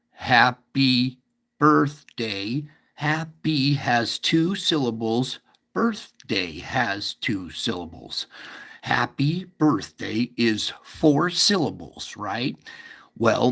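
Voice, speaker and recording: A man hosts a casual livestream and explains at length. He wanders, restarts, and keeps checking in with his listeners. His voice is gravelly with a touch of fry, and he takes his time. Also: medium pitch, a bit bright. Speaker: livestream host.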